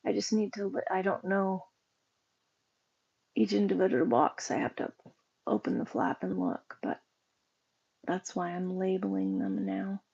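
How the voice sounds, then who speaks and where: A woman's voice: mid-range voice, fairly even intonation, a little slow, vocal fry, pauses often, mellow, husky, lo-fi sound. A woman livestreaming, chatting casually and rambling with her viewers while she sorts boxes, and greeting them by name.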